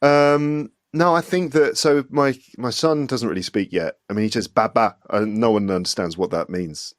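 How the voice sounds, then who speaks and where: A man's voice: medium pitch, moderate pace, dry recording, studio quality. A man in his forties from the English West Midlands with a faint trace of the local accent, chatting as an interview guest in a self-deprecating way and laughing often. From England, West Midlands (Solihull). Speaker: guest, English teacher and podcaster. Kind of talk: casual interview chat.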